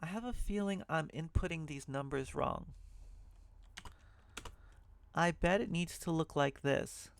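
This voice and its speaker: A man's voice: a little high, a little slow, vocal fry, pauses often, no echo. A man teaching assembly programming in a screen-recorded walkthrough, thinking aloud and correcting himself as he goes. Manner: thinking aloud, self-correcting, muttering asides. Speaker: programming tutor.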